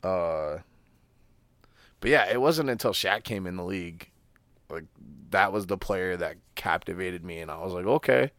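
A man's voice: low voice, normal speed, fairly bright tone, no echo. A man co-hosting a podcast, chatting casually about sports in a rambling, profane, laid-back way. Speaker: podcast co-host.

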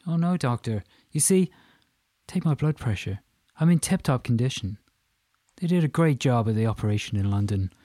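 A man voicing a stocky, white-haired Irish man in his fifties with an Irish accent, effusive and boastful, talking fast. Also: mid-range voice, animated, mellow, no echo, clean studio sound, close to an everyday voice. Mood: boastful chatty. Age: 50s.

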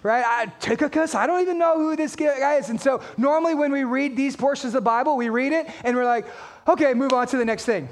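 A man preaching a sermon as pastor, energetic and conversational, asking the congregation questions and reading scripture aloud. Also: very high-pitched, quick pace, few pauses.

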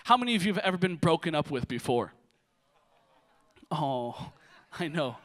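A man's voice: fairly high pitch, moderate pace. A young adult man preaching a sermon to a church congregation, telling funny stories before turning to scripture. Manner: lively, joking storyteller who shifts to preaching. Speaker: pastor. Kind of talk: sermon with storytelling.

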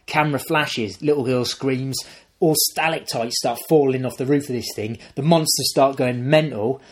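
A young man, a podcast co-host, casually retelling a film plot in a rambling, animated way and acting out the characters. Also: mid-range voice, moderate pace, slightly rough.

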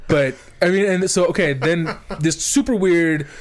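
A man's voice: on the high side, measured pace. A young man telling a rambling story on a podcast. He swears a lot and often restarts his sentences. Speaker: podcast co-host. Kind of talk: casual storytelling banter.

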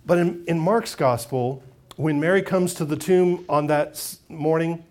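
A man's voice: a little high, measured pace. A man preaching a sermon as pastor, retelling a story expressively and acting out its voices. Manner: expressive storytelling, acts out quotes.

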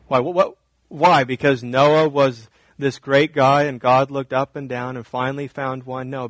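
A man preaching a sermon, animated, swinging between loud emphatic lines and quiet asides. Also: medium pitch, no room sound. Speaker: pastor.

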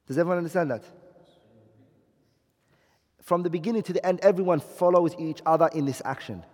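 A man's voice: fairly high pitch, a little mellow. Man teaching in an echoey classroom. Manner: explains slowly, checks understanding with questions. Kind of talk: classroom lecture.

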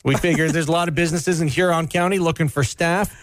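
A man's voice: on the high side, fairly even intonation, slight background noise. A man co-hosting a morning radio show, cracking jokes and punchlines about the news. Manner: wisecracking, quick punchlines, laughs often.

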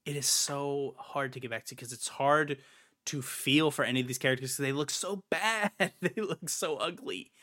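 A man's voice: a little high, moderate pace, bright, forceful tone. A man co-hosting a casual gaming podcast, ranting in an exasperated way and swearing now and then. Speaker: podcast co-host.

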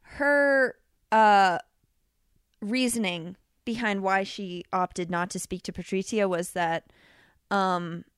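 A woman co-hosting a podcast chats casually about a movie, filling her talk with fillers and laughter. Her mid-range voice moves slowly and sounds fairly bright, clear, and resonant, captured in studio quality with no echo.

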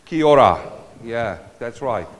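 A man's voice: mid-range voice, expressive, unhurried. A man with a South African accent preaching a sermon in a church, playful and calling out to the congregation. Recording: long church hall reverb.

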